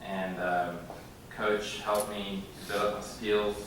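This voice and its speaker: A man in his thirties delivers an acceptance speech in a halting way, with frequent pauses and filler sounds. His voice sits low. It comes from across a very echoey banquet hall, with clear room noise behind him. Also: little pitch movement, a bit bright, distant mic. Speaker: hall of fame inductee. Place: large indoor banquet room.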